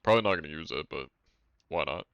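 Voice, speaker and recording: A deep-voiced man chatting casually while live-streaming a game, laid-back and wry, swearing offhandedly. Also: animated, fast talker, a bit bright, smooth, lo-fi sound.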